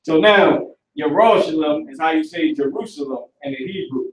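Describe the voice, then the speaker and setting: A man's voice: on the high side, moderate pace. Casual slangy man teaching, echoey. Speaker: teacher of an online class. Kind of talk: live online class. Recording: echoey and distant from the mic.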